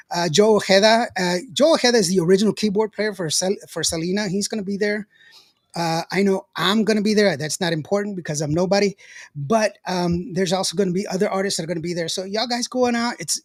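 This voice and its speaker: Older man, husky, dry close sound, rambling and laughing podcast host. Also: high voice, no echo. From West Texas. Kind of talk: casual chat, reading live comments.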